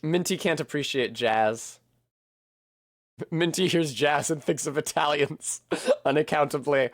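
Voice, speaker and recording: A man's voice: fairly high pitch, takes it slowly, no echo, clean studio sound. A man rambling casually and poking fun at himself while streaming a video game, swearing now and then. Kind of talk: casual commentary while playing.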